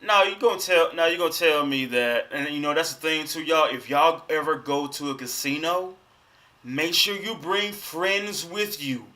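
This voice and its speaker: A man's voice: on the high side, normal speed, pushed and bright. A young adult man hosting a live reaction stream, talking back at the screen in casual slang. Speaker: livestream host.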